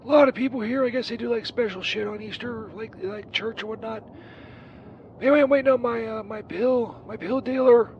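A man's voice: extremely high pitch, fairly even intonation, a little fast, dull audio, a little hiss or hum. A man voicing a crude, burned-out Saint Peter who rambles profanely through a comedic voicemail. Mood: rambling. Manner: rambling, profane, distracted, lots of fillers.

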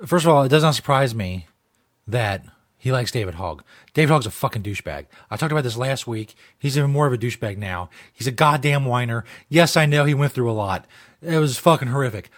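A man's voice: mid-range voice, animated, fairly quick. A man hosting a talk show, ranting bluntly and combatively with heavy profanity. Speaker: host. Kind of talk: opinionated talk show rant.

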